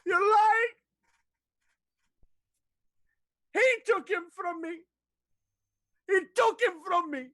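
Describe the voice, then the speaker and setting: A man's voice: extremely high pitch, takes it slowly, dry recording, clean studio sound, pitched above the performer's own voice, full character voice. A man voicing a grief-stricken old bearded woman who screams curses. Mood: hysterical. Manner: shrieking, shouting curses.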